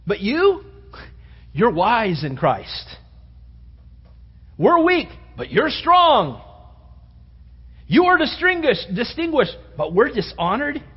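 A male pastor preaching a sermon with fervor, repeating phrases for emphasis and swinging between loud and soft. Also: extremely high pitch, wildly swooping pitch, takes it slowly, pauses often, husky. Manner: fervent, repeats phrases for emphasis, rising and falling delivery. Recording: dull lo-fi sound with long hall reverb.

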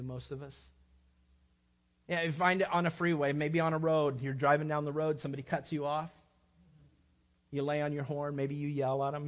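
A man's voice: fairly high pitch, muffled recording. A male pastor preaching a sermon, acting out everyday scenes with playful shifting voices. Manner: animated, acts out little scenes with shifting voices.

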